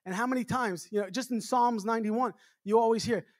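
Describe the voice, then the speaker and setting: Fervent high-voiced preacher man. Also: brisk, no echo, studio quality. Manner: fervent, repetitive rhetorical questions, building to shouts. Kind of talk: revival sermon.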